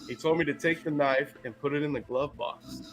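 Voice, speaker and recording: Bright-voiced man telling a story. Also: a little high, a little fast, faint music behind. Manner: animated, profane storyteller who laughs often. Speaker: podcast co-host. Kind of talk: casual storytelling.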